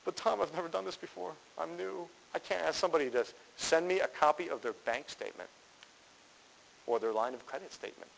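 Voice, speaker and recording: An unsure, nervous beginner student, hesitant and a little higher-pitched as a male instructor mimics him. It is a quick, light impression dropped into a seminar lecture. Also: creaky, a little hiss or hum, rough recording. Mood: anxious.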